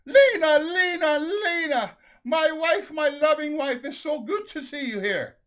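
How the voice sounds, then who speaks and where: Man doing a high, sing-song old Norwegian husband, dull lo-fi recording. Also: normal speed. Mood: gushing. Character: old Norwegian Minnesota husband Ole, plainspoken.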